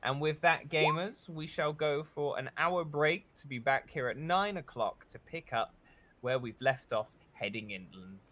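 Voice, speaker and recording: A man's voice: fairly high pitch, measured pace, fairly bright tone. A man narrating a tabletop game as game master, describing the scenes vividly with frequent "uh" fillers.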